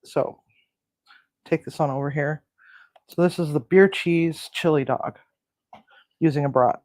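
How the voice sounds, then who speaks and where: A woman's voice: low voice, unhurried, a little mellow, dry recording. A woman hosting a casual home cooking video, rambling and chatty, cooing at her pets. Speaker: home cooking show host. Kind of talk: casual cooking and pet chat.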